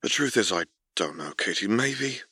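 A man voicing a dry-humored young man in an audiobook, soft-spoken and wry. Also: fairly low pitch, lively intonation, moderate pace, slightly rough, no echo, heavily acted. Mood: tender. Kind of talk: audiobook character reading.

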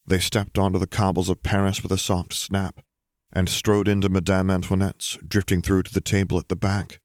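Deep-voiced man narrating a story. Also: a little mellow, no echo, studio quality.

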